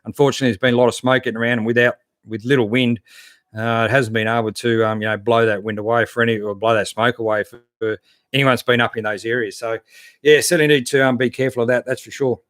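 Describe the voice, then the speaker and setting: Aussie live-stream host, easygoing and matey, mid-pitched voice, close dry sound. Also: male voice, flat delivery, fast talker, a bit bright, no room sound. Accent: Australian. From Australia. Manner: laid-back, matey, lots of fillers and restarts. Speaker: 4WD channel host. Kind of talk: casual live-stream chat reading viewer comments.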